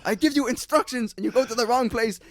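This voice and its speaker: A man's voice: extremely high pitch, fast, no echo, voice pushed up. A man voicing a furious older gardener who rants at his worker in broken English. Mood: angry ranting. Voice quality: ranting, shouty, broken English. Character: furious older male French gardener boss.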